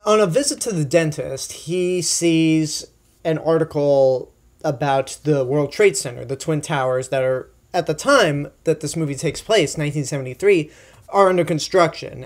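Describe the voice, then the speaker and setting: A man's voice: a little high, a little mellow. A young man giving a casual, chatty film review, enthusiastic and full of asides and fillers. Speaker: movie reviewer.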